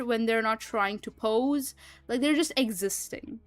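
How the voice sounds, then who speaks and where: A woman's voice: a little high, a little slow, dry recording, faint music behind. A young woman streaming, chatting casually and rambling with lots of fillers and frequent laughs. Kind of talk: casual livestream chat.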